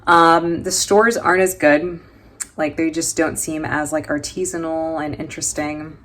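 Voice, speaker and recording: A woman's voice: sits low, flat delivery, unhurried, a bit bright. A woman from New York with an American accent, chatting casually in a travel vlog, joking and laughing often with plenty of fillers. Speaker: travel vlogger.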